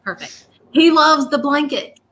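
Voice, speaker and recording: Casting: woman psychic medium, bright forceful voice, earnest, faint ambience. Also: high voice, expressive, a little slow, slight background noise. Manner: earnest, reassuring, repeats phrases. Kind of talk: live reading.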